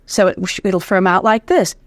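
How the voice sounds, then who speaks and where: Lively woman explaining voice technique. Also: medium pitch, moderate pace, no echo. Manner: demonstrative, lively, counts aloud in breath drills. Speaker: voice teacher. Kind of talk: explanatory teaching in an interview.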